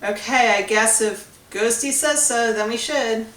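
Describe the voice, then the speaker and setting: A woman reading aloud voices an eager young boy who asks excited questions. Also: fairly high pitch, unhurried, slight background noise. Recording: roomy, distant recording.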